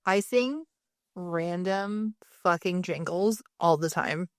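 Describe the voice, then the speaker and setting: A woman's voice: fairly low pitch, slow, no echo, clean studio sound. A woman in her thirties co-hosting a podcast in casual chat, telling stories with acted-out quotes and free swearing. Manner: animated storyteller, swears freely, acts out quotes. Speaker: podcast co-host, mother.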